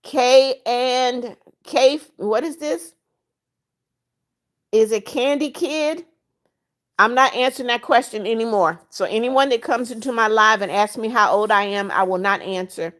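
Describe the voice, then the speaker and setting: A woman's voice: a little high, normal speed, a bit bright. A woman in her seventies hosting a casual livestream, greeting viewers by name and blessing them in a blunt, motherly way. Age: 70s. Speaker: livestream host. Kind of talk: casual livestream chat reading viewer comments.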